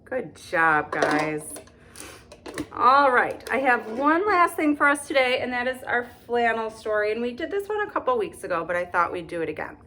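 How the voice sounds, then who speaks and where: A woman hosting storytime who reads a picture book aloud in a slow, sing-song way and keeps asking the little listeners questions. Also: on the high side, big pitch swings, bright, forceful tone, a little hiss or hum. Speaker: storytime host for young children.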